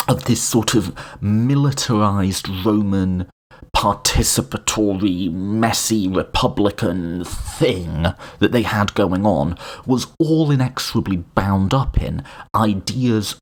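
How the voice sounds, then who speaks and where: A man hosting a podcast, giving an informal, animated lecture full of asides and restarts. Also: on the low side. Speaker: podcast host. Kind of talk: casual lecture on political philosophy.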